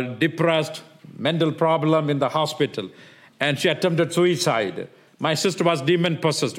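A middle-aged man from southern India with a South Indian accent, giving an earnest personal testimony at a church pulpit as a guest missionary. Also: fairly high pitch. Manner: earnest, with filler pauses and restarts.

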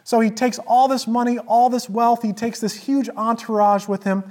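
A pastor preaching a sermon, retelling a story with emphatic repetition and swings from loud emphasis to hushed asides. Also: medium pitch, level tone, moderate pace.

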